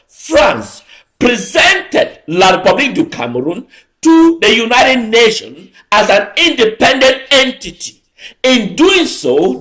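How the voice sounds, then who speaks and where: Man, high voice, lively swinging pitch, emphatic political address, repeats himself. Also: rough recording. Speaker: political speaker.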